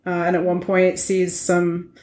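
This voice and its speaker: A woman's voice: fairly low pitch, completely flat delivery, a little slow, darkish tone. A woman co-hosting a podcast in casual chat, chatty and often laughing as she talks. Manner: chatty, laughs while talking. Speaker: podcast co-host. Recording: roomy echo.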